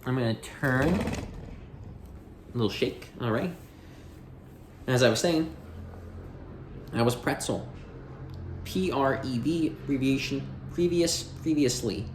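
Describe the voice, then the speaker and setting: A man's voice: mid-range voice, slow pace, pauses often, slight background noise. Rambling male dictionary-reading host, echoey room. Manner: chatty, rambling, self-interrupting, jokey.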